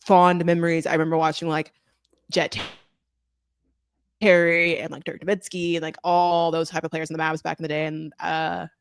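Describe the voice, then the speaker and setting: A young woman hosting a podcast, talking casually and warmly with a guest, full of likes and ums. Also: low voice, level tone, moderate pace, clean tone, no echo. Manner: casual, filler-heavy, upbeat. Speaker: podcast host. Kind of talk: casual conversation.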